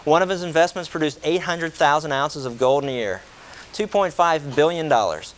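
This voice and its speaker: A man preaching a sermon, animated and joking, firing rhetorical questions at his congregation. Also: fairly high pitch, normal speed. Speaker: pastor.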